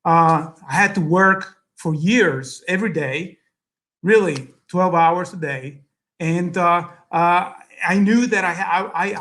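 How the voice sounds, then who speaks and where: High-voiced man telling his story. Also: fairly bright tone. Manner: halting, with many restarts and fillers. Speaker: guest speaker, business founder. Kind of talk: personal story speech.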